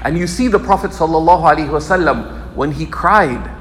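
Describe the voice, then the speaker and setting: A man teaching a religious lecture, expressive and repeating key phrases for emphasis. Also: fairly high pitch, a little fast, in a large hall, a little hiss or hum. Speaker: Islamic scholar teaching. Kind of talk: lecture sermon.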